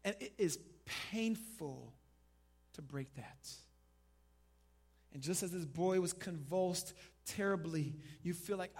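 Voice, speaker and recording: A male pastor preaching a sermon, dropping to a hush and then rising loud, and leading the congregation in call and response. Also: high-pitched, takes it slowly, breathy edge. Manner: dynamic preaching, swinging from hushed to loud.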